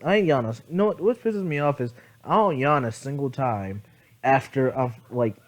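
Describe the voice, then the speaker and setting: A man with a medium-pitched, expressive voice talks at normal speed while sleepy and yawning. Using a phone to record, he casually improvises a fan story, rambling with many fillers, self-corrections and swearing.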